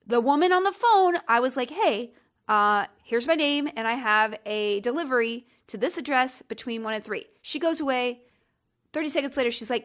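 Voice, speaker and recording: A woman podcast host in middle age rattles off a story in a high, bright voice. She swings between wry asides and exasperated outbursts, acting out each phone call as she goes. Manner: animated, exasperated, acts out phone calls in quoted voices. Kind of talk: casual storytelling monologue.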